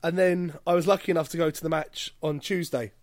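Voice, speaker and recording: A man's voice: a little high, fairly even intonation, fairly quick, no room sound, studio quality. A man co-hosting a casual football chat, telling his side of things in an easy conversational way with light fillers.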